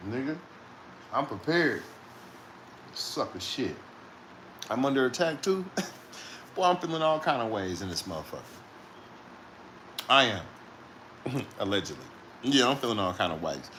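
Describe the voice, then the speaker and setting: A man's voice: mid-range voice, big pitch swings, unhurried, long pauses, a bit bright, slight background noise. A man who drives trucks, telling a rambling story in casual talk, swearing often and laughing between lines.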